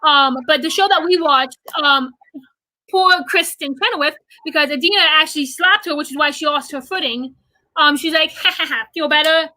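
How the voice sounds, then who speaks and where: A young woman with a high, bright voice chats excitedly on a livestream, full of ums and likes. The sound is close and dry. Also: no echo, low-quality recording. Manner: quick, excited recounting with many fillers. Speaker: guest, theater fan. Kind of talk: casual livestream chat.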